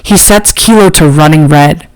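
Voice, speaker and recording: A woman narrating an audiobook in a slow, measured, literary reading. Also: low voice, no echo, rough recording. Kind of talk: scripted narration.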